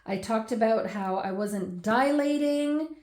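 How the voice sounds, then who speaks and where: A woman in her forties, the host of a scrapbooking channel, chatting through a baby album at home with laughs and animated asides. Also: fairly high pitch, slow pace, roomy sound. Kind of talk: casual chatty album walkthrough.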